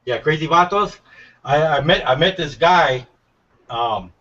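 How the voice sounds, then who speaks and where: A man's voice: on the high side, animated, a little slow, sharp tone, distant mic, muffled recording. A laid-back man chatting casually over a video call, swearing freely. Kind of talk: casual chat.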